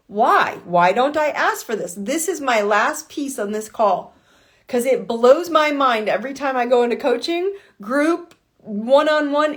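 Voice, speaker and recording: A woman life coach with a fairly high voice delivers a blunt motivational talk on a live call, swearing and firing off rhetorical why questions.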